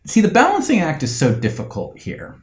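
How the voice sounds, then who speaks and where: A man's voice: a little high, huge pitch swings, fairly quick, roomy sound. A man co-hosting a podcast, talking in an impassioned, opinionated casual way. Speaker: podcast co-host. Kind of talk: casual chat.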